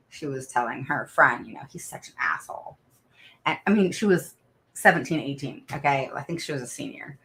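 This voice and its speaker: A woman's voice: deep voice, gravelly, a bit bright. A middle-aged woman chatting casually with viewers on a livestream, telling family stories and laughing often. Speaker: autism parent advocate livestream host.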